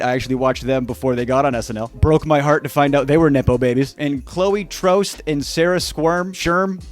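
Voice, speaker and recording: A man from North Carolina, a stand-up comedian hosting a casual comedy vlog from a room at home, joking with sarcastic asides. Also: on the high side. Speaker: stand-up comedian and YouTube host.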